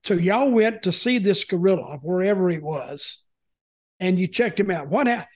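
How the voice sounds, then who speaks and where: A man's voice: high voice, lively intonation, normal speed. A man hosting a casual interview, prompting his guest and retelling stories he remembers. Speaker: podcast host.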